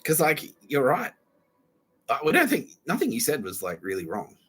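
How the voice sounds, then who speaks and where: A man's voice: a little high, wildly swooping pitch, normal speed, a bit bright, husky. A young man hosting a comedy podcast, rambling through a profane comic monologue, laughing and acting out quoted voices.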